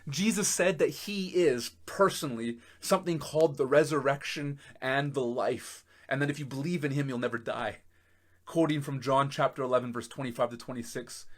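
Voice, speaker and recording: A man preaching a sermon as pastor, emphatic, laughing in disbelief and swinging between loud and soft. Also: medium pitch, moderate pace. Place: church.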